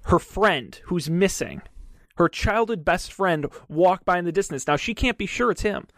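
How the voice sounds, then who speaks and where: A man leading an improvised role-play as game master, describing scenes with hesitant pauses. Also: high voice, expressive, a bit bright, no room sound, studio quality.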